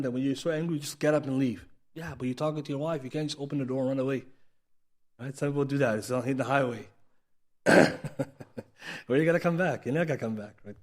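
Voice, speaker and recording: Fast-talking man teaching a class. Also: medium pitch, a little mellow. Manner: conversational, asks the audience "right?" often, acts out quoted speech. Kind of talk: recorded mosque class lecture. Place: mosque.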